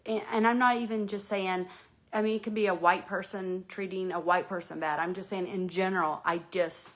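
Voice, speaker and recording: A woman's voice: medium pitch, steady tone, normal speed. A woman from North Carolina hosting a casual live chat, talking earnestly and rambling with many restarts and fillers. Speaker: host.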